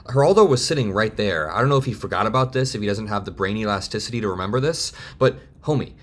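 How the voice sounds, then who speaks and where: A man in his twenties giving heated, fast political commentary straight to camera. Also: fairly low pitch, animated. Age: 20s. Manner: heated, fast, worked-up ranting.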